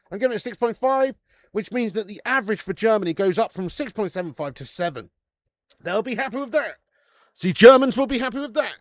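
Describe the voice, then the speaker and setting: A man's voice: high voice, dry recording. A man hosting a live football watch-along, swearing freely and laughing as he reads out viewer messages.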